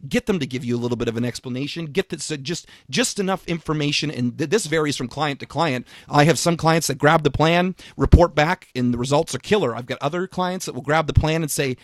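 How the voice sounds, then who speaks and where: A man and fitness coach co-hosting a podcast, talking in an emphatic, energetic way with frequent restarts and repeated words. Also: fairly high pitch, brisk, hardly any pauses, dry recording, clean studio sound. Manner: casual swearing. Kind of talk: casual podcast chat.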